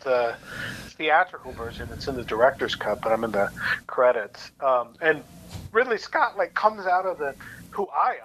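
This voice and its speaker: Animated man telling a set story. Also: medium pitch, normal speed, a little hiss or hum, rough recording. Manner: animated storyteller, acts out quoted voices, laughs often. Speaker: actor guest. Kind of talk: casual anecdote-telling.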